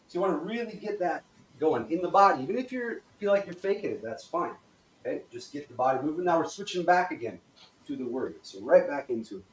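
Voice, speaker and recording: This fast-talking movement instructor has a voice on the high side and leads learners through the exercises step by step, swearing casually, acting worried and whooping excitedly. The echoey room adds slight background noise, and he's off-mic.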